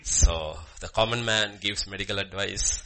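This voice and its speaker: A man, a pastor leading a prayer and preaching a sermon with fervent, emphatic, repetitive phrasing that swings between loud and hushed. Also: low voice, normal speed.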